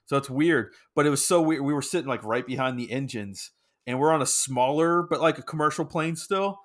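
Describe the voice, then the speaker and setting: A man co-hosting a casual podcast, telling an animated story full of swearing and laughter. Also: medium pitch, a little fast. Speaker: podcast co-host. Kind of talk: casual chat.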